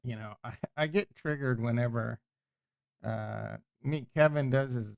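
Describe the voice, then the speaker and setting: A man's voice: medium pitch, measured pace, gravelly, darkish tone, clear, resonant tone, no room sound. A man hosting a casual livestream, chatting in a rambling way and often breaking off and restarting his sentences. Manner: rambling, self-interrupting, chatty. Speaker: crypto livestream host.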